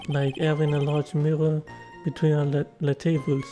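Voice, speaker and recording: A man's voice: on the high side, extremely slow, warm tone, soft background music. A man voicing a flamboyant middle-aged male French head chef in a hammy mock French accent, sprinkling in French words. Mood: theatrical.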